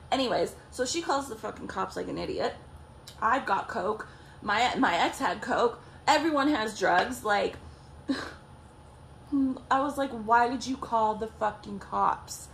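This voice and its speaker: A woman vlogger tells a story in loose, profane chat, her voice sitting a little high. She laughs often and keeps checking in with "okay?" and "like". A faint hiss runs under her. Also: a bit bright. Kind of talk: casual storytelling.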